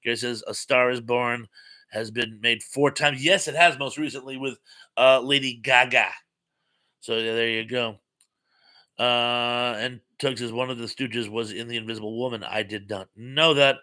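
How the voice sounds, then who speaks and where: A man talks casually on his own live stream, reading viewer comments and reacting to them. His voice is bright and forward, at an ordinary pitch for a man. He rambles loosely and drops in frequent ums and uhs. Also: steady tone, normal speed.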